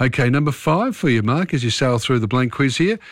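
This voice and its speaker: A man hosting a late-night radio quiz, chatty and quick to laugh. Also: mid-range voice, lively intonation, no echo, studio quality. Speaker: radio host. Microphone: studio microphone.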